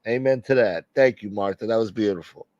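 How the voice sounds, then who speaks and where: A man's voice: lowish voice, brisk, a little mellow, no room sound, dull audio. A man hosting a casual livestream, reading viewer comments and rambling with plenty of profanity. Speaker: livestream host reading chat. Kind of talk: casual late-night stream chat.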